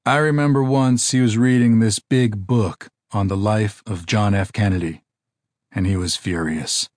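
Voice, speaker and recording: A man narrating a nonfiction audiobook in a measured, even reading style. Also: lowish voice, no echo, studio quality.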